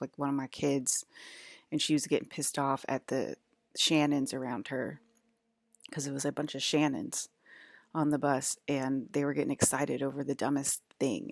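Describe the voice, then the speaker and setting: A low-pitched woman with a gravelly, creaky voice talks straight to her audience. She drifts from one thought to the next, stopping and restarting sentences. The sound is dry and close. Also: darkish tone, no room sound. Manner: rambling, restarts, drifts between topics. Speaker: broadcaster. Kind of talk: rambling monologue to viewers.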